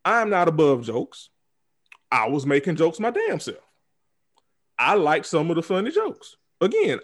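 A man hosting a podcast, speaking in a heated, profane, repetitive casual rant. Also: high voice. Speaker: podcast host. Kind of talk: casual chat.

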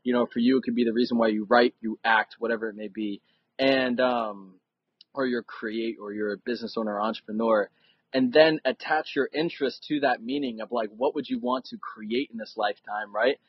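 Earnest husky man telling a story. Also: mid-range voice, fairly quick, dry recording, highs cut off. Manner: earnest, building suspense as he tells a story. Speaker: podcast guest. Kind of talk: conversational storytelling.

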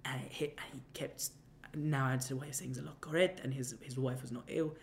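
A young man rambling through a personal story, stumbling over restarts and piling on fillers. His voice sits at an ordinary mid pitch, and a faint ambient hum lingers under the recording. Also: little pitch movement, a little fast, creaky. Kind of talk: casual anecdote telling.

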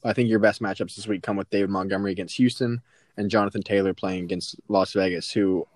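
A man's voice: fairly low pitch, fairly even intonation, fast, dry recording. A man hosting a casual podcast, methodically walking through rankings and numbers. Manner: methodical, reels off rankings and stats. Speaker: podcast host presenting matchups.

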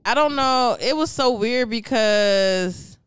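A woman's voice: fairly high pitch, takes it slowly, clean tone, no room sound, studio quality. A woman co-hosting a podcast in casual chat, telling stories animatedly and quoting people in put-on voices. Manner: animated storytelling, quotes people in put-on voices, laughs often. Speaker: podcast co-host.

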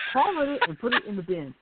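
A woman co-hosting a casual podcast, reading a silly word game aloud and giggling often as she goes. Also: a little high. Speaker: co-host. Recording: tinny phone-line sound.

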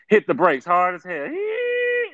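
A man's voice: medium pitch, normal speed, no echo, muffled recording. A man in casual chat, telling stories with lots of laughter and repeated slang. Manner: animated storyteller, says "dog" often, laughs while telling.

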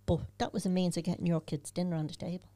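A woman's voice: on the low side, fairly even intonation, fast talker, dark tone. An older Dublin woman, a podcast guest, speaking frankly and telling her stories with animation. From Ireland. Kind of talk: casual podcast conversation.

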